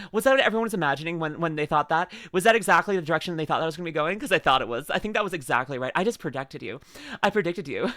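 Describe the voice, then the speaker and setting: A woman's voice: lowish voice, bright, forceful tone, no room sound, studio quality. A woman streaming a casual reaction to a video, giggling often, rambling and reading chat aloud.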